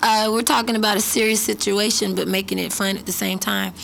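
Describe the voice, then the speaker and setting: A woman's voice: mid-range voice, little pitch movement, brisk, creaky, fairly bright tone, a little hiss or hum. A young woman singer explaining her group's image earnestly in a casual interview.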